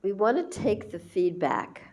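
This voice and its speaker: A woman spiritual teacher giving a gentle, conversational devotional talk and acting out quoted lines. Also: medium pitch, animated, a little slow.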